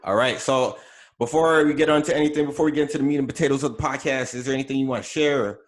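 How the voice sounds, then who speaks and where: A young man hosting a casual podcast in a mid-range voice, relaxed and slangy as he talks. His stories are full of "you know" fillers. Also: medium pitch, fast talker. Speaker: podcast host. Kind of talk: casual chat.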